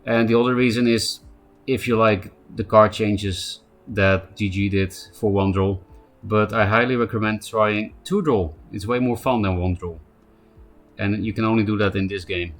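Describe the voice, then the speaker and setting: Guy streaming, kinda low voice, rambly, um uh a lot, quiet music in the back. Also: fairly even intonation, normal speed. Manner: rambling, thinking aloud with fillers. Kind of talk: casual live-stream commentary.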